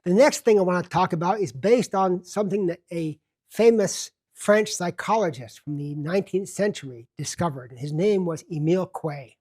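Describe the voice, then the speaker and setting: A man hosting a self-help television show, teaching in a deliberate, emphatic way and slowing down to stress key words. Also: high-pitched, a little mellow, husky. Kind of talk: self-help lecture to camera.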